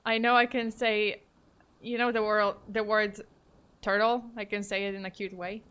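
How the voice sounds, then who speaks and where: A woman's voice: medium pitch, level tone, normal speed, a bit bright, clear, resonant tone. A woman streamer chatting casually with her viewers, playful and mock-dramatic, often laughing. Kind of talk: casual livestream chat.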